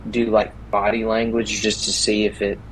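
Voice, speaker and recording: A man's voice: lowish voice, monotone, normal speed, slight background noise, rough recording. A man playing in a tabletop game, explaining his character's choices hesitantly with many fillers and restarts. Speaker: player. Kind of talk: casual in-game discussion.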